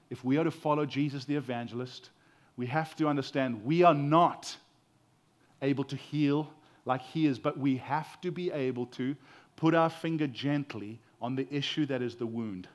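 A man with a South African accent preaching a sermon, earnest and expressive, with emphasis that rises and falls. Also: mid-range voice.

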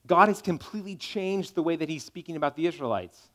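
A man's voice: a little high, a little fast, fairly bright tone. A man preaching a sermon as pastor, talking in a conversational but emphatic way and checking in with his listeners as he goes.

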